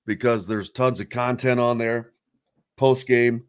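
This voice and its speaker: A man's voice: medium pitch, fairly even intonation, a little slow, slight background noise. A man hosting a casual sports talk radio show, rambling loosely with plenty of fillers and reading listener comments aloud.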